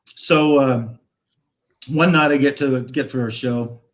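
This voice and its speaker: A man in his fifties, appearing as a guest on a live stream, rambles through a long rock-and-roll story, swearing freely and acting out the dialogue. His voice is medium-pitched, fairly even in intonation, and slow.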